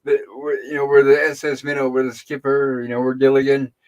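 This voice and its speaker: A middle-aged man hosting a casual live stream, retelling a TV episode in a rambling way with pauses and fillers. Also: medium pitch, monotone, darkish tone, highs cut off. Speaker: host.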